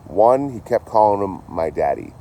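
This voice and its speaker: A deep, mellow-voiced man talks outdoors in a casual, rambling way. He swears freely and leans on "you know" between thoughts. Faint traffic hums behind him in the street. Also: very animated, normal speed. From Massachusetts. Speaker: traveling vlogger. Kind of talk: casual chat.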